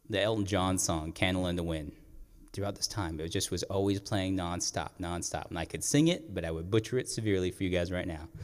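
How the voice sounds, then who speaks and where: A man from the Navajo Nation telling personal stories on stage, lively and conversational, talking straight to the audience. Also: fairly low pitch. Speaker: storyteller. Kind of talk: live stage storytelling. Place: stage of a performing arts center. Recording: echoey performing arts hall.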